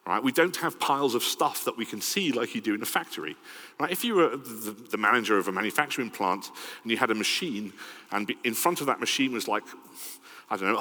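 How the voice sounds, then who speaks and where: A middle-aged man with a Welsh accent giving a lively, conversational conference talk and often checking in with "right?". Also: mid-range voice. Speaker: conference speaker. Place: large conference hall. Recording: long hall reverb.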